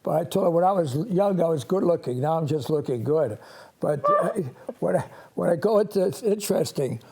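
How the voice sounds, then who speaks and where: Old guy in his 80s hosting a call-in show, mellow gravelly voice, rambly and halting. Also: a little high, animated. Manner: halting, with frequent restarts and chuckles.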